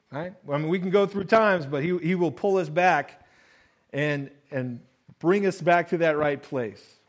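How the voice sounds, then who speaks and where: A male pastor giving a sermon in a conversational way, reading verses and then explaining them, often dropping low and soft on key phrases. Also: poor audio. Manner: conversational preaching, reads scripture then explains with acted-out voices.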